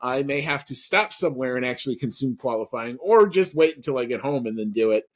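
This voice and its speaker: A man's voice: mid-range voice, lively intonation, fairly quick. A man co-hosting a podcast in casual chat, rambling with lots of fillers and restarts. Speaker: podcast co-host.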